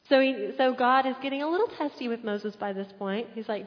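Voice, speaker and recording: A woman's voice: on the high side, a little fast, hardly any pauses. Woman preaching in an echoey hall. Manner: animated storytelling with acted-out quotes. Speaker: pastor. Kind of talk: sermon. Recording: echoey hall, dull muffled sound.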